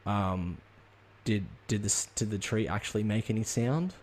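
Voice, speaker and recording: A low-voiced man speaks unhurriedly as he hosts his own podcast. The talk is a rambling, profane comedic rant, full of ums and restarts.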